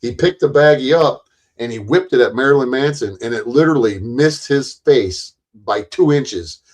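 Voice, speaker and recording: A man casually telling a long story in a rambling, profane way, often jumping louder and higher when he acts out quoted lines. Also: moderate pace.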